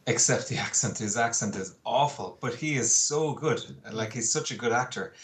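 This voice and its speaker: A man's voice: mid-range voice, normal speed, a bit bright. A man, a guest in casual chat, opinionated and talkative with plenty of ums and uhs. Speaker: podcast guest. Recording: faint background noise.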